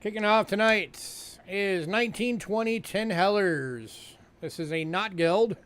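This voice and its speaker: In an unhurried, high-pitched voice that is a bit bright, a man from New York hosts a coin sale livestream. His casual sales talk is chatty, filled with fillers and repetition.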